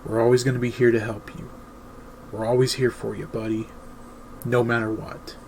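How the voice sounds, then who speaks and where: A man's voice: mid-range voice, level tone, normal speed, creaky, a little hiss or hum, close to an everyday voice. A man voicing a supportive male friend who speaks in a reassuring, encouraging way. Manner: warm, reassuring.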